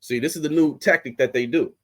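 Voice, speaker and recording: Heated cussing sports podcast host. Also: male voice, fairly high pitch, fast talker. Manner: heated, blunt, heavy swearing, rising to outbursts. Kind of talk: profane ranting commentary.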